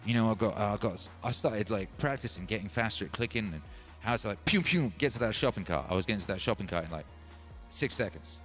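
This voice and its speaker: A man's voice: on the low side, animated, fast talker, a bit bright, faint music behind. A man hosting a livestream, telling a long, playful story in a rambling, slangy way. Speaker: livestream host. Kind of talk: casual storytelling monologue.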